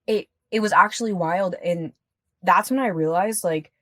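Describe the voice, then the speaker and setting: Guest: frank, chatty woman, lowish voice, dry studio sound. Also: moderate pace, fairly bright tone, no echo. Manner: candid and chatty, swears freely, many fillers. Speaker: podcast guest. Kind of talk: casual podcast conversation.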